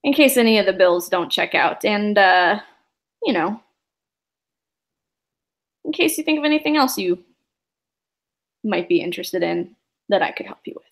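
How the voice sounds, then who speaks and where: Woman as easygoing male forger NPC in a tabletop game, casual and offhand, mid-pitched. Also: lively intonation, moderate pace, long pauses, natural voice.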